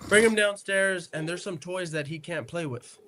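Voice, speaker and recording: A man's voice: high voice, normal speed. A man telling stories on a casual podcast, acting out the people in them and tagging lines with "right?" and "okay?". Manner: animated storyteller who acts out quotes; peppers speech with "right?" and "okay?". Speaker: podcast co-host.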